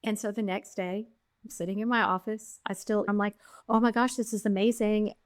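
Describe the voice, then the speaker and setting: A woman's voice: mid-range voice, fairly quick, smooth, no room sound. Middle-aged woman on a podcast, acts out every quote, dry close mic. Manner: animated storyteller, acting out quotes. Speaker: podcast guest, jewelry founder. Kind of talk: storytelling interview.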